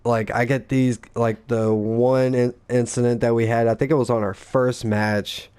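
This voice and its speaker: A man with a smooth, clean voice at an ordinary middle pitch tells gaming stories in casual chat. He rambles, swears freely and acts out what people said in little quoted voices. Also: level tone, moderate pace, a little mellow. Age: adult father. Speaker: gaming podcast co-host.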